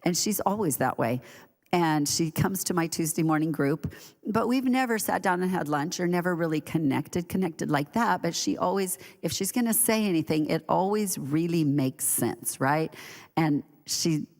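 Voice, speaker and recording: A woman's voice: lowish voice, lively intonation, moderate pace, a little mellow, big-room sound. A woman giving a conversational sermon in a church, telling stories chattily with laughing asides. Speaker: church leader preaching. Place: church sanctuary.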